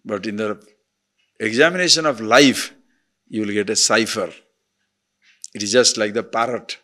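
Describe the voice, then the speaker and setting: A man with a lowish voice delivers a spiritual discourse as a teacher at normal speed. He poses rhetorical questions and shifts between emphatic and soft delivery.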